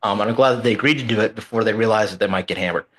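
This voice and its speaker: A man's voice: lowish voice, rapid-fire, a bit bright. Profane man ranting about politics. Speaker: podcast co-host. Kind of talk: casual political talk.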